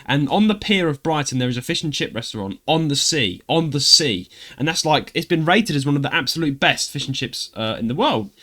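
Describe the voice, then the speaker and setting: Cockney man, podcast co-host, bright tense voice, animated storyteller. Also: on the high side, fairly quick, hardly any pauses. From London, England. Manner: animated storytelling, loud acted outbursts. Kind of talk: casual podcast chat.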